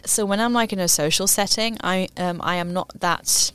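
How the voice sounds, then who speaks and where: A woman's voice: mid-range voice, normal speed, fairly bright tone, smooth. A young woman from Germany, talking casually in an interview and filling her speech with "like" and "um". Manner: chatty, lots of "like" and "um" fillers. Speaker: guest.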